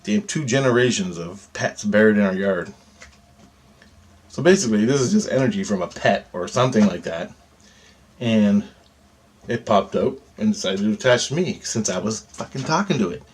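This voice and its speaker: A man's voice: on the low side, expressive, moderate pace, slight background noise. A man telling a rambling, profane personal story, repeating himself as he goes. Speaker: vlogger recounting ghost hunting.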